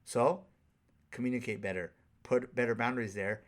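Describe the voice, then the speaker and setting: A man's voice: mid-range voice, fairly even intonation, moderate pace. A man who works as a life coach, giving a candid, profane, conversational solo monologue on a podcast.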